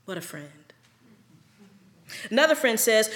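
Woman pastor, unhurried sermon delivery, weighty pauses. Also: mid-range voice, animated, a bit bright. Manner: slow, deliberate preaching with dramatic pauses.

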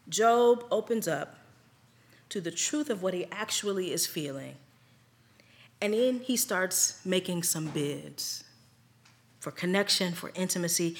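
Slow, deliberate woman preacher. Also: fairly low pitch. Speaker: pastor. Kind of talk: sermon.

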